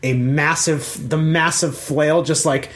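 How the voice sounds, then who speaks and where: A man's voice: fairly high pitch, fairly even intonation, slow, a bit bright. A man running a tabletop game as dungeon master, narrating the scene in a loose, rambling way full of fillers and restarts.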